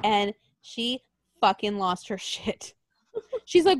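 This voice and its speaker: A woman in casual chat, telling rambling, animated stories full of swearing. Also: mid-range voice, slow pace, pauses often, dry recording. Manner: profane, rambling and animated storytelling.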